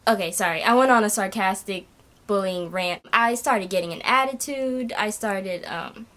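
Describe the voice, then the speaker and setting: A woman's voice: mid-range voice, normal speed, a bit bright. A young woman rants casually to her camera. She sounds exasperated and complaining. Her talk is full of fillers and restarts. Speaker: vlogger.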